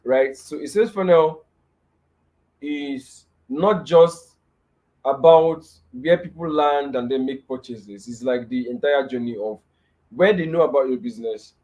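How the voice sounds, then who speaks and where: A man's voice: mid-range voice, moderate pace, darkish tone. A young man with a Nigerian accent teaching a live webinar over a video call, repeating key phrases and often checking in with "right?". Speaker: webinar speaker.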